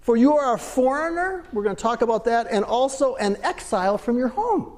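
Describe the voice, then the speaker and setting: A man preaching a sermon as a pastor, swinging between loud emphatic bursts and low, quiet asides. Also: moderate pace, few pauses, long reverb tail.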